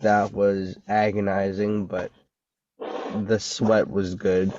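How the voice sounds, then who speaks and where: A low-voiced man hosts a casual podcast at an unhurried pace. He sounds loose and laid-back, with a dull, lo-fi recording and a dry sound. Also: little pitch movement, mellow. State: recovering from covid. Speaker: podcast host.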